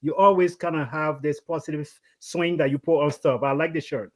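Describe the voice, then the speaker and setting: Brief: male host, quick talker, high voice, playful moderator. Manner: animated, teasing, repeats for emphasis. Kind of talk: casual panel discussion.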